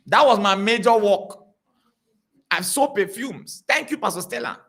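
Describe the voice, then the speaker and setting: Guy preaching, bright voice, keeps repeating himself, all over the place pitch-wise. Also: measured pace. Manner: animated, repetitive, storytelling. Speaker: pastor. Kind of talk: preaching to a congregation.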